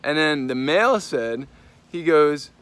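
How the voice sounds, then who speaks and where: Animated man ranting through a story. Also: a little high, a little slow, clear, resonant tone. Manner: animated, profane, jumps into voices when quoting people. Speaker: vlogger. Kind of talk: casual storytelling rant.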